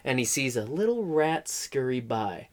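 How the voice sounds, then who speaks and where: A man's voice: medium pitch, sing-song, a little slow. A young man casually telling a comic story, rambling, swearing and laughing as he goes. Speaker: podcast co-host telling a story.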